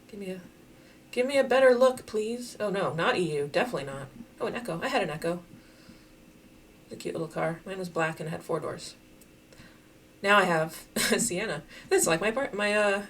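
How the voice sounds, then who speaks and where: A woman giving casual, chatty commentary while playing a geography guessing game, thinking out loud and laughing often. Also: mid-range voice, expressive, a little fast, slight background noise. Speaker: game streamer.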